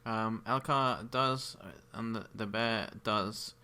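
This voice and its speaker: A man running a tabletop game, with a low, bright voice. He speaks very slowly and deliberately, and his narration is dotted with ums and uhs. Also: steady tone, clear, resonant tone. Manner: measured, with frequent ums and uhs. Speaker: game master.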